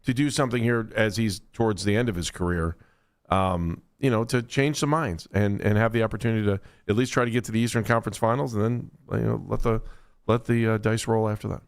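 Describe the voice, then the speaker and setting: A man's voice: on the low side, brisk, gravelly. A man co-hosting a sports radio show, chatting casually in a joking, playful way and taking calls. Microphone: studio microphone.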